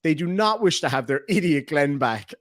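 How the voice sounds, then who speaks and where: A man's voice: a little high, lively intonation, normal speed, fairly bright tone, no echo, studio quality. A man hosting a casual livestream, chatty and joking as he reads out donations. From Ireland. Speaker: livestream host.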